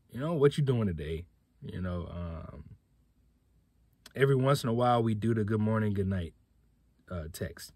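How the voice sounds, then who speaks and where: Husky young man telling a story. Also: fairly low pitch, a little mellow, no echo. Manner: laid-back slangy storytelling. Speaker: podcast host. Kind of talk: casual storytelling.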